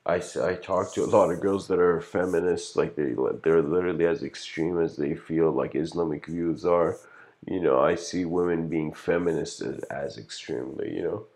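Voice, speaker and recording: Deep-voiced man giving a rambling lecture. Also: steady tone, moderate pace, a little mellow. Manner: rambling, full of "you know" fillers; reflective, philosophical musing. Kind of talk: casual livestreamed lecture.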